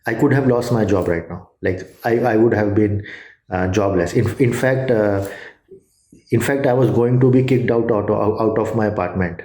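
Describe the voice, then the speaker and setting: Man, Indian accent, halting testimonial read with fillers; low, dark tone. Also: echoey room. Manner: halting, many fillers and restarts. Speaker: student giving a testimonial. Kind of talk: casual testimonial.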